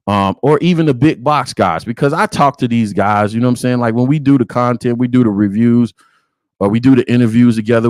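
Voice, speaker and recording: A man's voice: lowish voice, darkish tone, dry recording. A man hosting a live sports reaction stream, talking bluntly and with heat, swearing and repeating "you know what I'm saying". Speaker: sports channel host.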